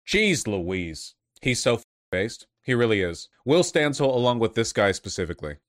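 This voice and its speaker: A man's voice: medium pitch, lively intonation, normal speed. Rambling, sarcastic male commentator. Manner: rambling, sarcastic, many fillers and restarts. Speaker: online commentator. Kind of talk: casual commentary.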